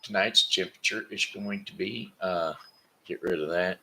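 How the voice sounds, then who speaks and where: Gravelly and low, his pushed, bright voice moves at a moderate pace over a little hiss or hum. He's a sleepy Missouri man hosting a daily show from home, rambling casually, repeating words and correcting himself.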